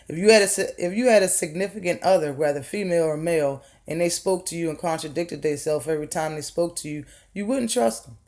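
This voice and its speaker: Talking fast with hardly any pauses, a woman in an opinion rant vlog gets heated and profane. Her lowish, slightly mellow voice fires rhetorical questions and repeats words to drive points home, all bluntly stated.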